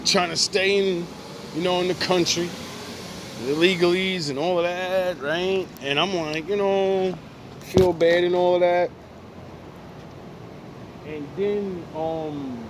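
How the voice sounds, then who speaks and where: A man's voice: high-pitched, a little hiss or hum. A man ranting casually to camera in profane slang, laughing often between lines and sounding amused and mocking. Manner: animated, mocking. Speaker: vlogger.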